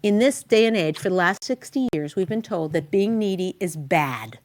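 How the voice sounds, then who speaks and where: A woman hosting a talk show and giving marriage advice to a guest in an animated, chatty, emphatic way. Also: lowish voice, normal speed.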